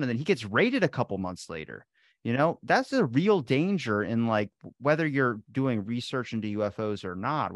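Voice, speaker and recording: Rambling low-voiced podcast host. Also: male voice, fairly bright tone, dry recording, clean studio sound. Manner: rambling, jumps between tangents. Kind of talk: casual conversational interview.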